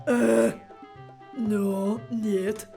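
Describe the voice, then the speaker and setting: A woman's voice: medium pitch, level tone, very slow, vocal fry, dark tone, faint music behind, voice pushed down. A woman voicing a shy but cutting teenage girl with a mock Russian accent, speaking coldly and bitingly. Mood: cold scorn. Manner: cold, biting.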